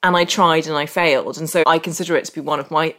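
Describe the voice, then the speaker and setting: A woman's voice: low-pitched, fairly even intonation, fast talker, fairly bright tone. A middle-aged woman hosting a podcast, speaking candidly and reflectively in casual interview chat. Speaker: podcast host.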